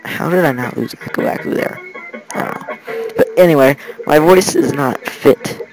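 A man's voice: a little high, normal speed, low-quality recording. A thirteen-year-old American boy giving rambling let's play commentary with chatty, giggly asides. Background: faint game music.

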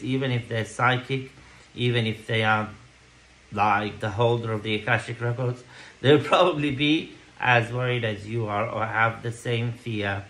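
A man's voice: mid-range voice, fairly bright tone, low-quality recording. A man giving a tarot card reading to camera, reassuring, checking in with "okay?" and "yeah?" between thoughts. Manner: reassuring, repeats "okay?" often. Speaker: tarot reader.

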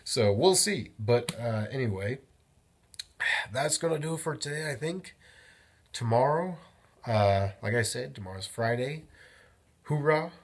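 A young man talking casually in his daily vlog, rambling and animated as he tells a story and often interrupts himself. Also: mid-range voice, a little slow, long pauses, slightly rough. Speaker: vlogger.

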